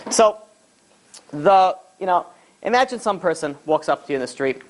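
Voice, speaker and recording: A man, a rabbi, teaching a class in an animated, joking storytelling style. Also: sits high, moderate pace. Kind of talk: lively lecture with acted stories.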